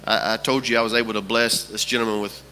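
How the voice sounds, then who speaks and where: Man, pastor, sermon, bright forceful voice, repeats phrases, long church reverb. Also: on the low side, level tone, quick pace, a little hiss or hum. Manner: storytelling, repeats phrases for emphasis. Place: church sanctuary.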